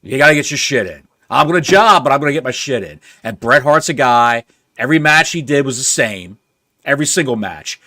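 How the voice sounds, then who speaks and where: A man co-hosting a casual wrestling podcast, telling stories in a wry, drawn-out way. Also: mid-range voice, animated, bright, forceful tone, no echo, clean studio sound. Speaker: co-host.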